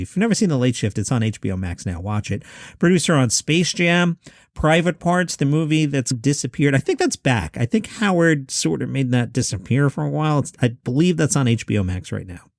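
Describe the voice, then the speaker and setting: Speaking a little high with big swings in pitch, a podcast host in his fifties chats alone at home about lists of movies. He's wry and chatty, full of quick asides. The recording is clean studio sound without room noise.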